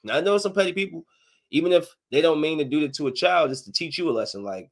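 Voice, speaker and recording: Animated slangy man ranting on a podcast. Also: fast talker. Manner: animated storytelling, swings from loud outbursts to low muttering; laughs often, slangy and joking. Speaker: podcast host. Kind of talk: casual solo podcast rant.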